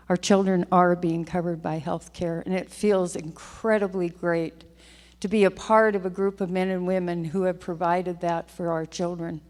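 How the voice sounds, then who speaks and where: A woman's voice: medium pitch, darkish tone. An older woman, a state legislator, giving a heartfelt, emotional farewell speech on the chamber floor, often repeating her phrases. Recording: long hall reverb.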